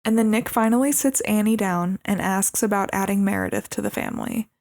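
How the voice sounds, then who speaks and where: Dry, close-miked young woman with vocal fry. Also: mid-range voice, no echo. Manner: relaxed, agreeable, quick short replies. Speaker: podcast co-host. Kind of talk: casual movie recap chat.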